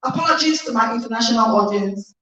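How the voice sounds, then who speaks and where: A Nigerian woman hosting an online conference livestream, energetic and emphatic, repeating phrases and reading out viewers' comments. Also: on the high side, fast. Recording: echoey distant lo-fi livestream audio.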